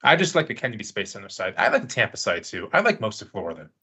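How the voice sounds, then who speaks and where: A man's voice: on the low side, big pitch swings, quick pace, bright, forceful tone, husky. A man co-hosting a podcast in casual chat, eagerly explaining bits of trivia. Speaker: podcast co-host.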